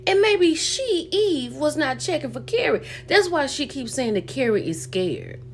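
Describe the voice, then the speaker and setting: A woman hosting a casual recap vlog, talking to her viewers in a slangy, animated way and calling them baby and y'all. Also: high-pitched, a little slow, a little hiss or hum. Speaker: reaction video host.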